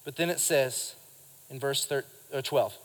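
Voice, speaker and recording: A man preaching a sermon at a live church service, lively and speaking straight to the congregation. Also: medium pitch, measured pace, long reverb tail. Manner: lively preaching, acts out quotes and addresses the congregation. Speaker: pastor.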